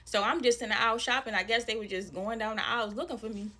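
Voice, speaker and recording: A woman telling a personal story in an animated, slangy, casual way. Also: a little high, quick pace. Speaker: storyteller in a viral video.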